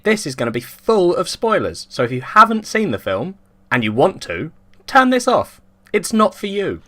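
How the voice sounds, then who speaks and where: A man's voice: a little high, big pitch swings, moderate pace, a bit bright. A man co-hosting a podcast, chatting about a film with dry sarcasm. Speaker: podcast co-host. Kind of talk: casual film discussion.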